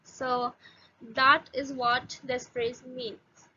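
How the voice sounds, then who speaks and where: Young female teacher, high bright voice, casual halting lesson delivery. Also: breathy edge. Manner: halting, many fillers and restarts, slows to spell out phrases. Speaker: language teacher. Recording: slightly dull lo-fi audio with faint noise.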